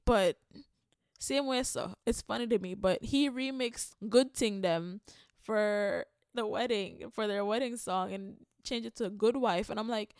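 A woman's voice: mid-range voice, unhurried, clean tone, no room sound. Rambling Jamaican woman, dry close sound. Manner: rambling, candid, frequent profanity and laughter. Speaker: podcast host. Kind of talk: casual solo podcast monologue.

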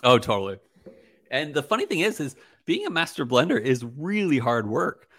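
A man's voice: medium pitch, wildly swooping pitch, moderate pace, a bit bright, no echo, studio quality. A young man hosting a casual podcast chat, rambling with lots of fillers and easy laughter. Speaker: podcast host.

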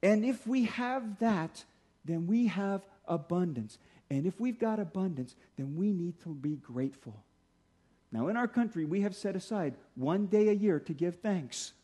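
A middle-aged male pastor preaching a sermon in a conversational way, slowing down to stress key points. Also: high voice, lively intonation, dark tone, slightly rough. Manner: conversational preaching, slows for emphasis.

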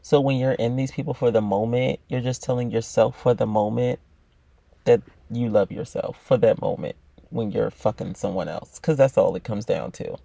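A man's voice: medium pitch, steady tone, moderate pace, creaky, mellow, dry recording. A man giving a blunt, swear-filled motivational monologue about self-love, talking straight to the listener. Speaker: self-help podcaster.

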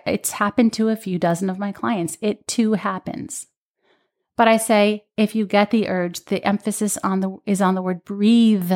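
Animated woman telling a birth story. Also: mid-range voice. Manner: animated storytelling with quoted voices. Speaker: birth educator. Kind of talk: casual podcast chat.

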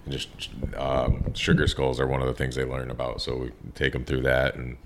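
A man with an extremely low, rumbling voice tells stories in a casual interview. He swears freely and acts out the people he quotes. He is in his thirties and works as a tattoo artist. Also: normal speed, background noise. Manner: profane, animated storyteller acting out quotes.

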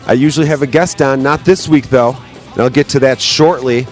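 A man's voice: mid-range voice, fairly even intonation, fairly quick, soft background music. A man hosting his own podcast as a comedian. He talks in loose, joking, profane bar-talk banter, recorded on a podcast microphone at home. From United States. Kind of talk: casual solo podcast chat.

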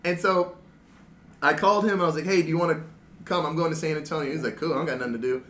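A man telling animated, laughing stories among friends and acting out their lines. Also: on the high side, fast. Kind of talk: casual storytelling among friends. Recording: echoey room, noisy background.

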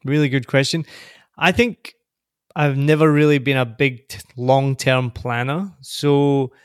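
A man from Glasgow with a soft Scottish accent, talking as a guest on a podcast. He is upbeat and easygoing, laughs easily and stumbles over the starts of his sentences. He sounds dry and close to the mic, with a middle pitch. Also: fairly even intonation, measured pace, clean tone, no echo. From Scotland. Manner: chatty and upbeat, laughs often, repeats words when starting sentences. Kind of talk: casual interview chat.

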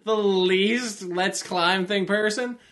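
Male podcast co-host, slightly high voice, brash, jokey, profane. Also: steady tone, takes it slowly, fairly bright tone. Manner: brash, swears, jokes. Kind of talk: casual chat.

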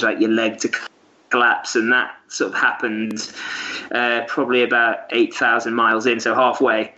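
A man's voice: mid-range voice, pushed and bright. Man telling a rambling story. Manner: rambling, with many fillers and restarts. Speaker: guest. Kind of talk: casual storytelling. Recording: dull lo-fi audio.

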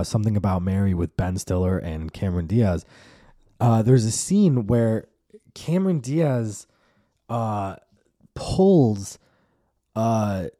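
A young man in his twenties rambles through a solo podcast with a low, very warm and relaxed voice. The recording is dry and close. He swears freely and acts out the voices he quotes. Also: no echo. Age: 20s. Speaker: podcast host. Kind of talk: casual solo podcast monologue.

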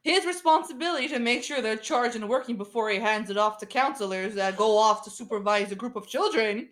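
A woman hosting a casual chat, teasing and quick to laugh. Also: fairly high pitch, fairly bright tone.

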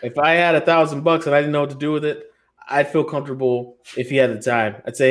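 A man's voice: on the high side, fairly even intonation, quick pace. An American man co-hosting a podcast roundtable, talking in a loose, joking, profane, rambling way. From United States. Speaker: podcast co-host. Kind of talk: casual roundtable chat.

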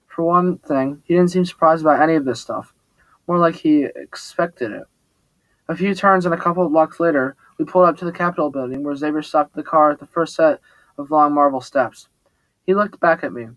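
A man's voice: fairly high pitch, brisk, a bit bright, no echo, low-quality recording. A man reading a first-person story aloud, plainly, with small slips and restarts. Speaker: audiobook narrator.

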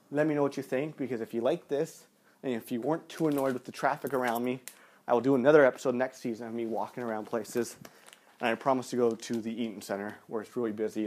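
A man's voice: medium pitch, darkish tone. Male host talking to himself on a city walk, breathless and rambling, over noisy traffic. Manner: rambling, chatty, self-mocking. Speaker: podcast host. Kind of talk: walking podcast monologue. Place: city streets outdoors, then stairwell. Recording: noisy street recording. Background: street traffic and clicks.

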